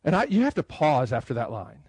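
A middle-aged man speaking at a conference about writing hymn tunes, talking in a conversational way and slowly reading lines out loud. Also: mid-range voice, wildly swooping pitch, breathy edge, no room sound, poor audio. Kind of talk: conference talk. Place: conference room.

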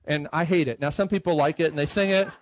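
Higher-voiced man giving a conversational talk. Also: no echo, rough recording. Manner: conversational, reads lines out slowly. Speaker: hymn writer speaking at a conference. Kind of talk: conference talk. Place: conference room.

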